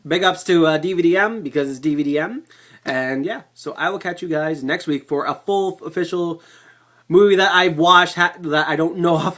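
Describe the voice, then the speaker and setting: A man giving a casual movie review vlog to a webcam, excitable and rambling, swearing freely. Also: a little high.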